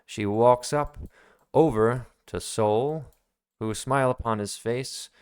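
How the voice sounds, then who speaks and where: A man's voice: mid-range voice, slow, a little mellow, clean tone. A man running a tabletop game as game master, narrating the scene in a casual, rambling way with fillers, at a home desk.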